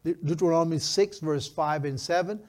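With a voice on the high side, a pastor in his fifties preaches a sermon that includes a story about a grandchild. He's emphatic, slows down for important phrases, and uses slightly non-native phrasing.

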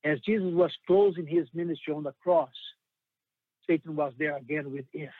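A man delivers a sermon with earnest emphasis, his voice sitting a little high. The sound is thin and phone-like, very dry with no room echo. He slows down to stress the scripture he quotes. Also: fairly even intonation. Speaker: preacher.

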